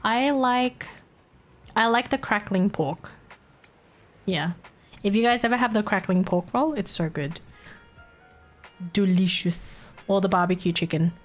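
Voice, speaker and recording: A woman's voice: mid-range voice, normal speed, long pauses, soft background music. A woman with an Australian accent, streaming and chatting casually, giggly and swearing freely. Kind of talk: casual livestream chat.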